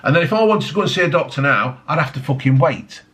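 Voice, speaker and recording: Bloke on a sweary rant, slightly high voice swinging all over, keeps going "yeah?". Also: male voice, animated, fast, fairly bright tone. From United Kingdom. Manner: swearing heavily, mocking, repetitive tag questions. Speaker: vlogger. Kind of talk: angry political rant.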